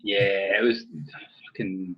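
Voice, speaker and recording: Husky man with dry wisecracks, lo-fi mic. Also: fairly low pitch, level tone, slow. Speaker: podcast co-host. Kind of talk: casual podcast chat. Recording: dull lo-fi mic.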